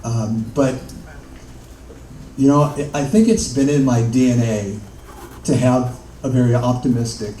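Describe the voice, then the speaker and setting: An older man, an interview guest, telling his story in a halting way with many fillers and laughs. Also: medium pitch, dark tone. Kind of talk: conversational storytelling. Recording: echoey room, mic far off, faint noise.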